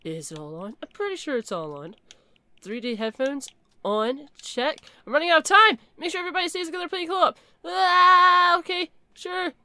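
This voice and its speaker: A woman giving chatty, excitable commentary while playing a horror game and reading its text aloud. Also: extremely high pitch, normal speed, no room sound. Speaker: gaming video creator.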